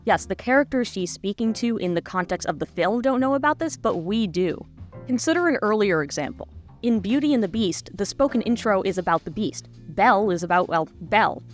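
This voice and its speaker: A woman's voice: medium pitch, animated, a little fast, soft background music. A woman narrating a scripted video essay in a wry, analytical manner.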